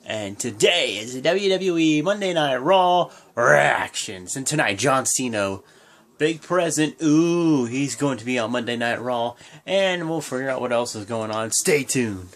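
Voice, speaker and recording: A young man talks straight to his viewers as the host of his own channel, running through a wrestling show in loose, excitable chat. He stumbles over fillers and jumps into high, sudden bursts when he acts out what the wrestlers said, then drops back to his ordinary mid-range voice. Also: measured pace. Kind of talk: casual recap talk to camera.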